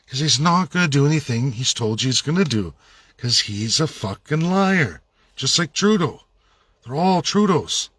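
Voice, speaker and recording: A man rants hard, hammering his points with repeated rhetorical questions. His voice sits at an ordinary middle pitch. The sound is close and dry, with no room echo. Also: fairly bright tone. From Canada. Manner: angry, repetitive, rhetorical questions. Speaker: political commentator. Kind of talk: ranting monologue.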